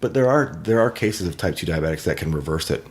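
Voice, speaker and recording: A young man from Wisconsin, appearing as a podcast guest, chats casually in a laid-back way and laughs a lot. His low voice is animated and quick, with a little hiss or hum in the background.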